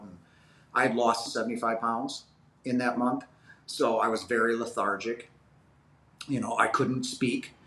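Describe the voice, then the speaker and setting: A man's voice: mid-range voice, pushed and bright. A man in his fifties, a guest telling a personal story in an interview, earnest and rambling with many fillers. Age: 50s. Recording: roomy echo.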